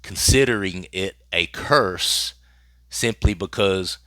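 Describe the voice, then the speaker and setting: A man's voice: deep voice, slow pace, sharp tone, no echo, studio quality. A man hosting his own channel, commenting on celebrity news in a casual, emphatic way and repeating phrases for effect.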